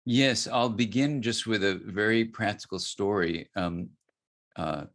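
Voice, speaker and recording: A man from the United States, a guest expert, telling a story in an interview answer, soft-spoken and dropping nearly to a murmur. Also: lowish voice, unhurried.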